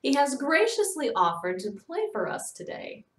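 A woman voicing a gracious, cheerful society hostess in a read-aloud storybook, speaking up brightly above her narration. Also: high voice, sing-song, moderate pace, pitched above the performer's own voice. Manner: cheerful, polite. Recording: echoey room, distant mic.

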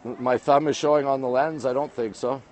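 A Canadian man livestreams from his phone while sitting on monument steps in a busy city, greeting viewers and reading their comments aloud in chatty bursts. His mid-range voice is steady and a bit dark, delivered at a moderate pace.

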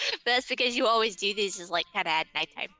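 A woman's voice: mid-range voice, animated, a little fast, sharp tone, dry recording, rough recording. A woman chatting casually on a live stream, giggling often between remarks. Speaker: co-host.

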